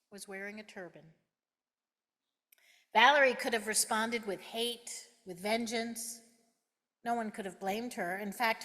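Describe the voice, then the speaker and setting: A middle-aged woman minister preaching a sermon, measured and emphatic, with deliberate pauses. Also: fairly high pitch, fairly bright tone. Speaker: guest minister. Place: church sanctuary. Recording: reverberant sanctuary sound.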